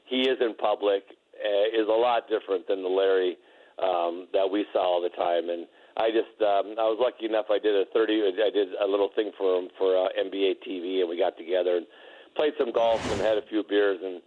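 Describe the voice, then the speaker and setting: A man's voice: low voice, steady tone, fairly quick. A man, a former basketball player, telling rambling, laughing anecdotes with many restarts. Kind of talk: casual storytelling. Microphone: phone. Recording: tinny phone line.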